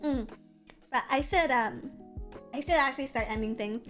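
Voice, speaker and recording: A woman's voice: sits high, normal speed, fairly bright tone. A young woman streamer chatting casually and playfully, with lots of silly vocal play. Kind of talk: casual chat. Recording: faint music behind.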